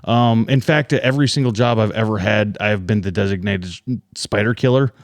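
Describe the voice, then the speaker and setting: A man's voice: lowish voice, a little fast, dry recording. A man co-hosting a podcast in casual chat, rambling with many fillers and restarts. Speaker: podcast co-host.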